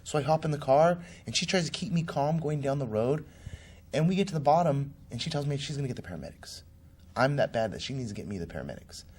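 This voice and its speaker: Fast and expressive, this man's mid-range voice has a darkish, husky quality. Interviewed as a political candidate, he vividly relates a personal story and voices each person he quotes.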